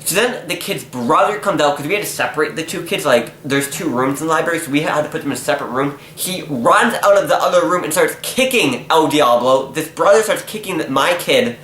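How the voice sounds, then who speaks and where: Young man, bright voice, exasperated storyteller in an echoey room. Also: on the high side, brisk, few pauses. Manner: animated, exasperated, acts out quotes. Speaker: vlogger. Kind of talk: casual storytelling vlog. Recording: echoey room, faint noise.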